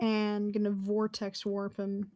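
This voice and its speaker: A woman's voice: mid-range voice, monotone, takes it slowly, mellow. Easygoing woman playing a tabletop game. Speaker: player. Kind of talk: casual tabletop play over an online call.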